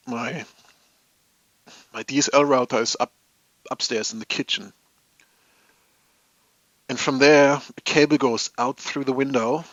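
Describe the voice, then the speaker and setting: A medium-pitched, slightly bright male voice belongs to a hobby streamer broadcasting live from his home office. He chats with viewers in a rambling, amused way and laughs at his own stories. The sound is dry and lo-fi.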